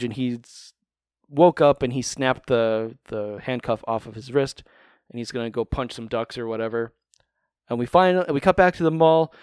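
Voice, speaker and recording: Male podcast co-host, clear and smooth, dry close-mic sound, rambling wry delivery with casual swearing. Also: medium pitch, no echo. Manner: rambling, profane, wry recap storytelling. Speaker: podcast co-host recapping a cartoon. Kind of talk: casual chat.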